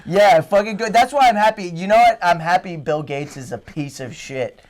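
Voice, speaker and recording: Podcast guest: a man with a high voice who rants and swears freely. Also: normal speed. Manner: profane, ranting. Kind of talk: casual chat.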